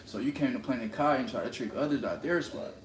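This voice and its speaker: A man's voice: mid-range voice, fast. A man streaming live, talking in a confrontational, preachy rant and repeating lines for emphasis. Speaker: livestreamer. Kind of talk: ranting live stream monologue. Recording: roomy echo with steady background noise.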